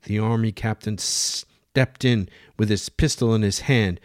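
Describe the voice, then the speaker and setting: A man narrating a dramatic story in steady, plain reading. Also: lowish voice, unhurried, hardly any pauses, no echo, clean studio sound.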